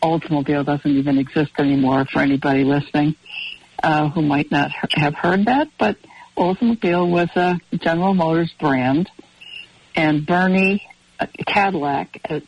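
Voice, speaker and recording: A woman's voice: low-pitched, normal speed, breathy edge, dry recording. A woman co-hosting a radio show, chatting casually and rambling through long anecdotes. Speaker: radio co-host. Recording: dull, dry radio broadcast audio.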